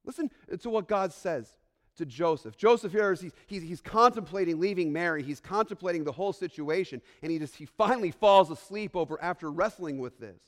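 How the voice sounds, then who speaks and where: A man's voice: high-pitched, animated, fairly quick. A man, a pastor, giving an earnest, emphatic Christmas sermon to his congregation, repeating phrases for weight and sometimes restarting a word. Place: church sanctuary. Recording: long reverb of a large hall.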